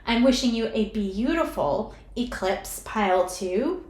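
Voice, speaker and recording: A woman reads tarot cards for her viewers, talking slowly and gently as she speaks straight to them. She sounds emotional and close to tears. Her voice carries a noticeable room echo. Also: on the high side, lively intonation. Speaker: tarot card reader. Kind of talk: pick-a-card tarot reading.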